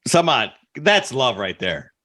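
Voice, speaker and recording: A man's voice: medium pitch, big pitch swings, slow, sharp tone. A man co-hosting a podcast, chiming in with playful, teasing remarks and laughter in casual chat. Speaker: podcast co-host.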